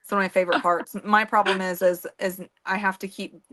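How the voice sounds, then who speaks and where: A woman's voice: mid-range voice, little pitch movement, brisk, pushed and bright. A woman co-hosting a casual beading livestream, talking in a rambling way with many fillers and restarts. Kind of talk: casual chat.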